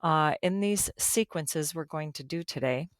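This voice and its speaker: Middle-aged woman, low pitch, folksy math teacher recording a lesson, friendly asides. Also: measured pace, no echo, clean studio sound. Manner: chatty, folksy, joking asides.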